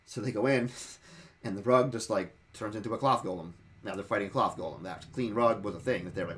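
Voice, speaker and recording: A man's voice: low-pitched, quick pace, a bit bright, slight background noise. A man in casual talk sharing advice as a dungeon master, rambling and often repeating and restarting his words.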